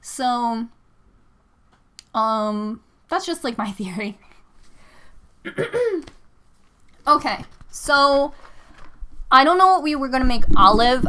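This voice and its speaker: A woman's voice: a little high, bright, forceful tone, slight background noise. A young woman livestreaming while she crafts, chatting in a rambling, casual way with lots of "like" fillers. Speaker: livestreaming vlogger.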